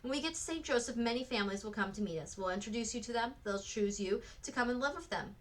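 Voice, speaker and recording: A woman reading the part of a cheerful young woman escorting orphans, brisk and reassuring as she speaks to a group. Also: on the high side, lively intonation, lightly acted.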